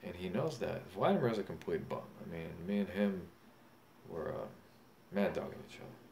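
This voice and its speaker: A man's voice: deep voice, expressive, moderate pace, vocal fry, a little mellow. A young man, boasting and rambling in a profane, drunken monologue. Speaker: self-styled boxing champion vlogger. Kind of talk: casual monologue. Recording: faint background noise.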